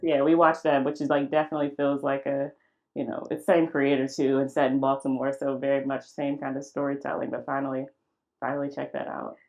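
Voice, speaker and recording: A woman's voice: rumbling low, little pitch movement, fairly quick, gravelly, darkish tone, rough recording. A woman co-hosting a podcast in casual chat, easygoing and laid-back with informal slang. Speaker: podcast co-host.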